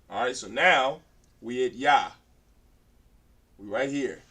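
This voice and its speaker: A man's voice: mid-range voice, expressive, takes it slowly, long pauses, bright, forceful tone, breathy edge, recorded from a distance. A man teaching a beginner language class, drilling letters aloud and then lecturing firmly.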